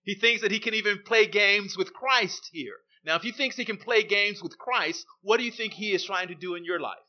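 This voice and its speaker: A man's voice: sits high, moderate pace. A man preaching a sermon, emphatic and repeating his key phrases for weight. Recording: dull lo-fi recording.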